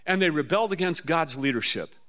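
Preacher, male, from the Midwest, a touch higher voice than most, folksy storyteller who leaps up in pitch for effect. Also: a little fast. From Midwestern US, near the Mississippi River. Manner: folksy, animated storytelling with sudden high-pitched bursts. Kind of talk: storytelling sermon.

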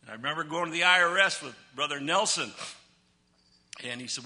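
An older man preaching a sermon, reading scripture slowly and with emphasis, swinging between loud declarations and soft, low asides. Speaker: pastor.

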